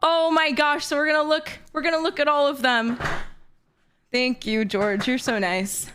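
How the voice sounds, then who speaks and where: A woman in her twenties live-streaming, chatting casually in an excitable, gushing way with frequent giggles. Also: high-pitched, normal speed, noisy background. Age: 20s.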